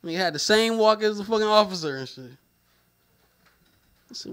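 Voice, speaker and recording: A man's voice: high-pitched, animated, moderate pace, a bit bright, clear, resonant tone. A man doing a stand-up comedy set, talking in loose slang, repeating lines and trailing off.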